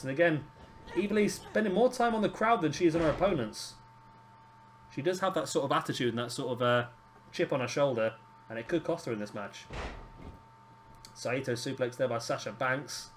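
A British man giving casual, excitable play-by-play commentary on a wrestling video game. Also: mid-range voice, moderate pace, long pauses, slight background noise. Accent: British English. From Britain. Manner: excitable, calls near-falls with rising energy.

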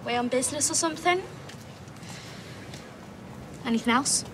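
An actress playing a blunt, sharp-tongued teenage girl with a Northern English accent in a TV soap drama. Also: high voice, moderate pace, close to an everyday voice. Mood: agitated. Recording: TV drama with background noise.

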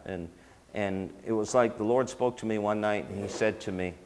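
A man with a fairly low voice teaches in a loose, conversational preaching style, full of fillers and restarts. His voice rings out with the long reverb of a large hall. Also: steady tone, normal speed, darkish tone. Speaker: teacher of a ministry school.

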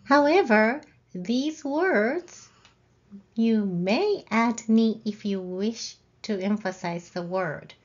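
A woman teaching a language lesson, explaining grammar patiently and saying example sentences out loud. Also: a little high, animated, takes it slowly, muffled recording. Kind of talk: slow, careful lesson explanation.

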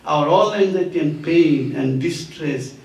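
A man preaching a sermon through a story, animated and often laughing as he tells it. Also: a little high, measured pace, gravelly. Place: temple hall. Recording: echoey hall, distant mic, faint noise.

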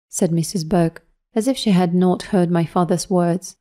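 A woman narrating a short story with clear, measured reading for English learners. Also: fairly low pitch, steady tone, mellow.

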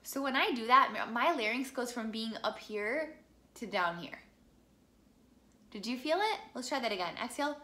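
A woman's voice: a little high, lively intonation, moderate pace, pushed and bright. A young woman from the Midwest teaching a singing lesson, chatty and encouraging as she walks through vocal exercises. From American Midwest.

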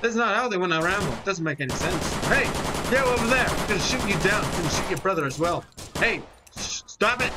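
A person in their twenties giving excited, rambling gameplay commentary, talking straight to viewers and poking fun at themselves. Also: medium pitch, fast talker, noisy background. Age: 20s. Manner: rambling, animated, talks to viewers, self-mocking. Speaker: gaming commentator. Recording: loud game gunfire under the voice.

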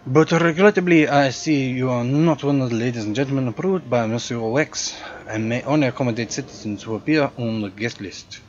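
A man's voice: mid-range voice, brisk, few pauses, muffled recording, a little hiss or hum, voice pushed up, close to an everyday voice. A man voicing a fussy, proud male French hotel concierge in a put-on French accent, polite and theatrical, with a gleefully morbid edge. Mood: formal, theatrical.

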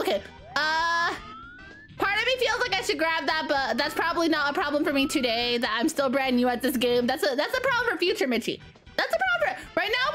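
Bubbly high-voiced woman streaming a game. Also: a bit bright. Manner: bubbly, shrieks at danger, thanks chat. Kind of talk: live gaming commentary. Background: game music.

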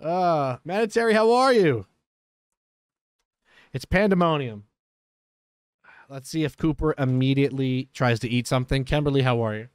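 A man's voice: medium pitch, steady tone, normal speed, smooth, no room sound. A chatty man streaming a life-sim game, tossing out running remarks and sudden exclamations in a mid-range voice. The sound is dry and close, with almost no room around it. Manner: chatty, exclaims often, talks to his dogs between game remarks. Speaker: gaming streamer. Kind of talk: casual gameplay commentary.

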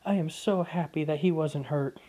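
A man voicing a polite but stern wealthy aunt who speaks sweetly and formally with a quiet threat. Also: a little high, moderate pace, natural voice.

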